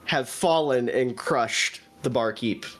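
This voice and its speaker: A man narrating a tabletop game as game master in a relaxed, filler-laden way. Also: medium pitch, slow pace.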